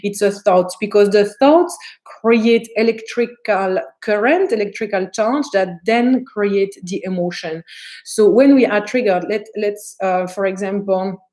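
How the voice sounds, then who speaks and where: A woman spiritual teacher talks to her live-stream viewers in a loose, chatty way. She is animated and acts out the thoughts running through her head. Her voice sits at a middle pitch. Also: a little slow. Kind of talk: live-stream talk answering viewer comments.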